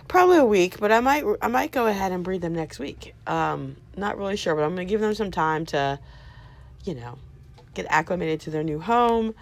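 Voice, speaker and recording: A woman showing her new rabbits outdoors beside the hutches on her farm, chatting casually to the camera and cooing softly at the animals. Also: lowish voice. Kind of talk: casual vlog walk-through.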